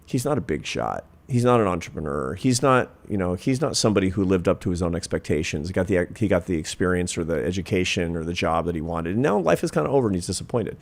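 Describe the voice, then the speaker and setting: Low-voiced guy in his 50s on a podcast, earnest, thinks out loud, then hits his points hard. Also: lively intonation, fast, creaky, few pauses. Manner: earnest, reflective, builds to emphatic points. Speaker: guest, social scientist. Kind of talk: storytelling in a podcast interview.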